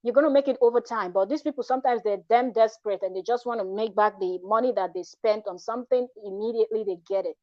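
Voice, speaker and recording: A woman's voice: on the high side, quick pace, few pauses, dry recording, lo-fi sound. A woman vlogger talking casually and frankly, rambling with restarts and asides. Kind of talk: casual commentary vlog.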